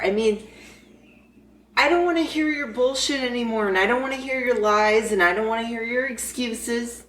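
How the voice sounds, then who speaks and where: A woman's voice: a little high, moderate pace, fairly bright tone, slight background noise. Woman, podcast co-host, blunt, profane, heated casual chat, roomy echo, distant mic.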